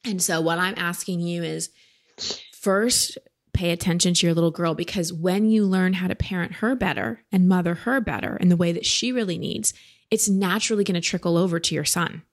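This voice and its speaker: A woman with a low, gravelly voice coaches a caller. She talks in a direct, gentle tone. She sounds like she's in her thirties. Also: steady tone, a little fast. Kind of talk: advice podcast with a caller.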